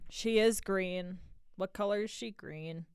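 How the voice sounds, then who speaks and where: A woman's voice: mid-range voice, unhurried, a little mellow, clear, resonant tone, no room sound, clean studio sound. A young woman DJ chatting casually on her radio show, rambling through stories with laughs in between. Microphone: studio mic.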